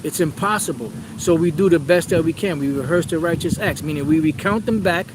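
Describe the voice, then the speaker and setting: A man with a slightly raised pitch preaches through scripture, reading verses and breaking them down emphatically. He leans on rhetorical questions and repeats key phrases. The recording is outdoors, with wind and steady background noise. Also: a little fast. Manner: reads scripture aloud, then explains with rhetorical questions. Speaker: Bible teacher. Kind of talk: preaching Bible study.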